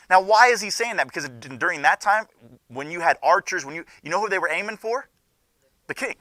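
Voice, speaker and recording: A young man teaching a Bible class, telling the story in an animated way and acting out the characters' lines. His voice is bright and fairly high, and it swings widely in pitch. The sound is dry and close. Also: a little fast, no room sound.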